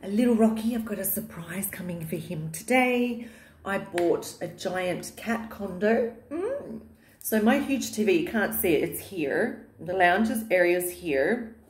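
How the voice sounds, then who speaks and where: A woman's voice: medium pitch, big pitch swings, a little slow. A woman chatting casually in her vlog, gushing and affectionate, with lots of fillers, filmed in the living room of her new home. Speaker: vlogger. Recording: echoey bare room.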